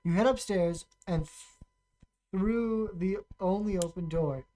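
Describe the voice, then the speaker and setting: A streamer casually playing a text adventure, reading the story aloud and thinking out loud while typing, often pausing and restarting. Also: medium pitch, low-quality recording. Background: keyboard typing and clicks.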